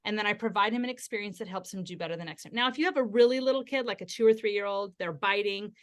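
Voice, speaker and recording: A woman guest on a podcast interview, explaining parenting ideas in a steady, instructive way. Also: medium pitch, fast. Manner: acts out gentle parent quotes.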